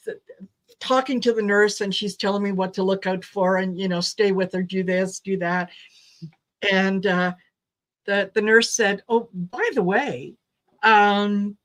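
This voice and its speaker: A woman from Canada co-hosting a casual chat, telling a relaxed anecdote. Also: mid-range voice. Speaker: co-host.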